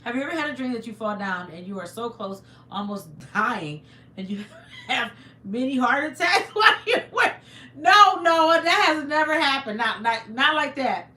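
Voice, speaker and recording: A woman on a live stream, spinning a dramatic story with lots of swings in pitch and a bright voice. She acts out screams and sound effects and stops to answer her chat. The room around her sounds echoey. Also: normal speed. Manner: animated, dramatic, reads viewer comments aloud. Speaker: livestream host.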